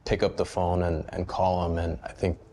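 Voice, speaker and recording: A young man in his twenties, a baseball player, speaking haltingly with many fillers in a documentary interview. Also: low-pitched, level tone, mellow.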